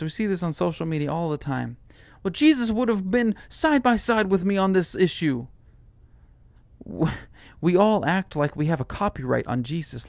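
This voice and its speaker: A man who is a pastor, preaching a sermon with an expressive delivery and lifting his voice when he acts out quotes. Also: on the high side, creaky, no room sound.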